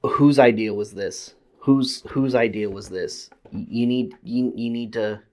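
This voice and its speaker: A man's voice: medium pitch, unhurried, a little mellow. A man reviewing a collectible figure in a casual, stammering way, often repeating words as he rants and then apologizes. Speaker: toy reviewer.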